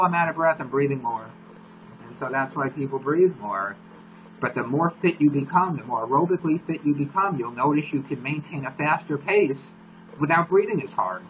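A man's voice: medium pitch, dull audio, slight background noise. Teacherly man explaining step by step. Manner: teacherly, steady, repeats key points to link concepts. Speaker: host, exercise physiologist. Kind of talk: explanatory live-stream lesson. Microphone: live-stream mic.

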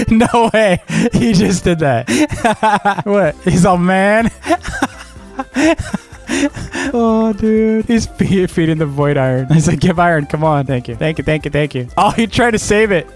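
A young man talks through his game in a lively, excitable way, with a playful streak and quick laughter. His voice sits a little high for a man. Soft music plays faintly underneath. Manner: excitable, laughing often, playful trolling banter. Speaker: gaming YouTuber. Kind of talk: let's-play commentary.

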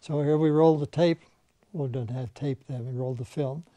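A man's voice: medium pitch, steady tone, brisk, warm tone, dry recording. An older man, a veteran animation filmmaker, reminiscing in conversation and telling anecdotes in which he mimics the people he quotes.

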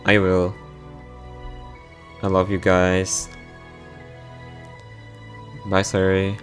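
A man with a deep, low voice reads a visual novel story aloud, taking every part himself. He speaks slowly and gently, with a soft, heartfelt delivery. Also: completely flat delivery, soft background music.

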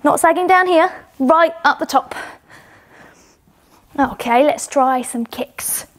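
A woman's voice: high-pitched, takes it slowly. A young woman with a British accent coaching children through gymnastics exercises at home, encouraging and a little out of breath as she demonstrates. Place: home indoors.

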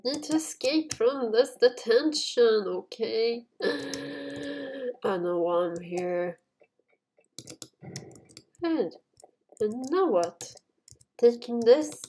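A woman's voice: fairly high pitch, expressive, takes it slowly, long pauses, mellow, slight background noise. Panicky, chatty woman gaming host. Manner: chatty, panicky, frequent yelps and screams. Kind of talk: casual game commentary.

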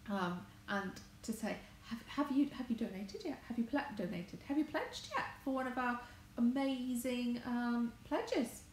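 A married English woman, a crafts vlogger, chats casually on a livestream from her home conservatory, rambling and correcting herself as she goes. Her voice sits a little high and moves a little slowly, with hardly any pauses. The room is echoey, with faint noise in the background.

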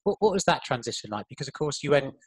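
A man's voice: medium pitch, sing-song, fast, husky, dry recording, poor audio. Friendly man hosting a dry-sounding podcast. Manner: friendly, stumbling questions with repeated words. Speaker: podcast host. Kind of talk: casual conversational interview.

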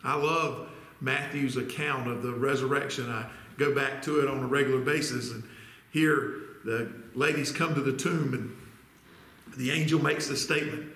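A man's voice: mid-range voice, fairly even intonation, normal speed, a bit bright, echoey room. A man preaching a sermon as pastor, reading scripture aloud and putting questions to his congregation. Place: church sanctuary.

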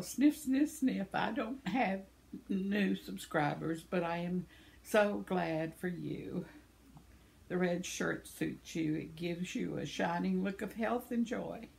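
A woman's voice: medium pitch, vocal fry. A woman, chatting to camera about viewer comments, tender and close to tears. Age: 70s. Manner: tearful, tender, with soft laughs. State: teary, on the verge of crying. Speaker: vlogger reading viewer comments. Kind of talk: casual chat to camera.

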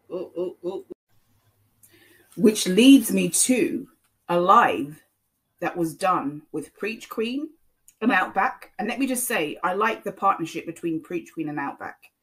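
Rambling woman YouTube commentator, lowish voice. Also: rough recording. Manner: rambling, repeats herself with frequent ums. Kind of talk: casual commentary monologue.

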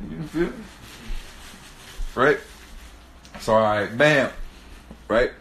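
A man's voice: medium pitch, slow pace, vocal fry, long pauses, fairly bright tone, slight background noise. A man in his thirties telling a story in casual street slang, laughing often and repeatedly asking "right?". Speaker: host.

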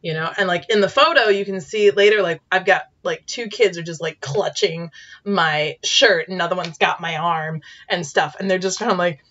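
A woman who teaches in Japan tells a story in casual chat, animated and full of fillers, acting out quotes with high squeals. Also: normal speed, dull audio.

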